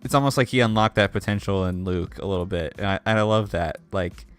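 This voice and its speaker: A man's voice: on the low side, fast, smooth, faint music behind. A young man co-hosting a casual fan review podcast, talking in an earnest, enthusiastic way. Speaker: podcast co-host.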